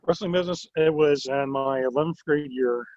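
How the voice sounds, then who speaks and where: A man in an interview rambles through his stories with lively energy, leaning on "like" as filler. His voice sits a touch high for a man. The recording is dull and lo-fi with a dry, close sound. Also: a little fast, dry recording. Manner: animated, rambling, many "like" fillers. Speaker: wrestling promotion owner. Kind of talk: casual storytelling interview.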